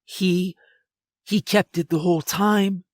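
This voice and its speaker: Scared teen boy, voiced by a male narrator, raised pitch, stammering, horror storybook. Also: fairly even intonation, takes it slowly, dry recording, clean studio sound. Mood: frightened. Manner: stammering, pleading. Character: scared nervous teenage boy.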